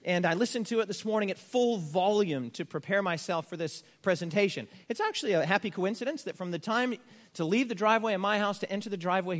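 A male pastor, delivering a sermon in a fairly high voice. He leans hard into key words and drops in wry, conversational jokes. The sound carries a long reverb from the church hall. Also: a bit bright. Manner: emphatic, rising to stress key words; conversational asides with humor.

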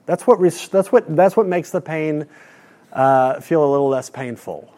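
Earnest man preaching, fairly high voice. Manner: earnest, repeats words when building a point; drops soft and slow on key lines. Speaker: pastor. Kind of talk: sermon.

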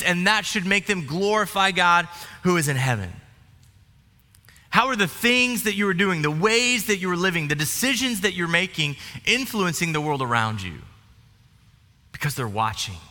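Guy preaching a sermon, chatty and jokey, kinda high voice, echoey church hall. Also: sharp tone. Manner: conversational preaching with humor and asides. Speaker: pastor. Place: church sanctuary.

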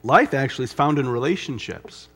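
A middle-aged man preaching a sermon, emphatic, with dramatic pauses and repetition. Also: mid-range voice, expressive, a bit bright, breathy edge. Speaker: pastor.

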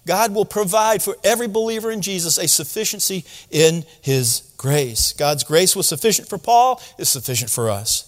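A man's voice: high voice, expressive, normal speed, hardly any pauses, long reverb tail. A man preaching a sermon, teaching through a Bible passage in a conversational way and asking his listeners rhetorical questions. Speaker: pastor.

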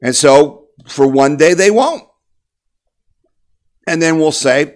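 A man's voice: fairly high pitch, animated, slow. A man giving an impassioned political monologue as a talk host, emphatic and repetitive, rallying his listeners.

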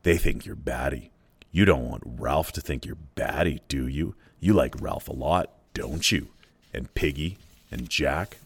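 A man's voice: a bass voice, a little slow, a little hiss or hum, voice pushed down. A man voicing the Lord of the Flies, a rotting pig's head that menaces a boy in a mocking schoolmaster tone. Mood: menacing.

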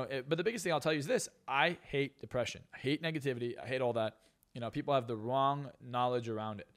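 Brash, fast-talking young man. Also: medium pitch. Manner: profane, brash and emphatic. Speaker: guest, hypnotist and success coach. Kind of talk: blunt podcast interview talk.

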